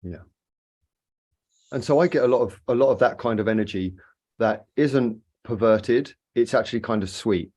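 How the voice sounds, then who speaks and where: Male co-host, medium pitch, relaxed and playful, chatty. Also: normal speed. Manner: easygoing and playful. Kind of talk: casual live chat.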